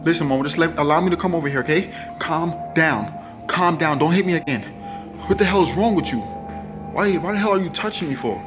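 Loud dramatic young man over music. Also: a little high, quick pace. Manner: loud, dramatic, swings between pleading and yelling. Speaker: comedy vlogger. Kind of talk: comedy skit.

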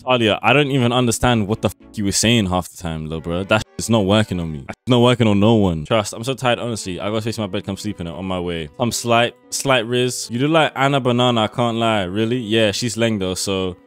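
A man's voice: fairly low pitch, a little fast, hardly any pauses. A young man, streaming and reacting to chat messages in slangy, swearing, mocking talk. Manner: slangy, swearing, mocking, bursts into loud laughter.

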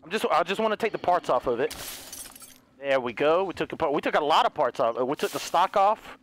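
A man doing let's play commentary, excitable, talking to his viewers, yelping and swearing as he plays. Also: fairly high pitch, fairly quick, slight background noise. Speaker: gaming youtuber.

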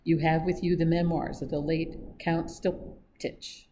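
A reader puts on a pompous older foreign baron from a storybook, speaking in stiff, formal sentences with twisted word order. The voice is mellow and fairly dark. There is a faint hiss behind it. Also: mid-range voice, flat delivery, measured pace, lightly acted. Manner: stilted formal speech with scrambled word order. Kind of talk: read-aloud audiobook acting.

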